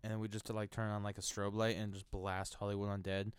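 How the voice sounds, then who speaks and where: A young man guesting on a casual podcast, excitable and slangy, laughing often. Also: on the low side, fairly quick, clean tone, no echo. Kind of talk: casual chat.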